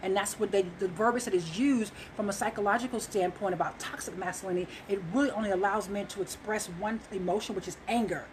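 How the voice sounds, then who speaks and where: A woman's voice: mid-range voice, fast, few pauses, slight background noise, low-quality recording. A woman talking earnestly to viewers about relationships, emphatic and loose, with frequent fillers. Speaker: relationship speaker. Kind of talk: casual monologue to viewers.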